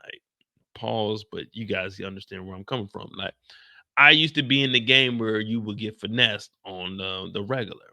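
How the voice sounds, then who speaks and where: A man hosting a casual recap of a TV episode, ranting in an animated, profane, slang-heavy way. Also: on the low side, normal speed, no echo. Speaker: TV show recap host.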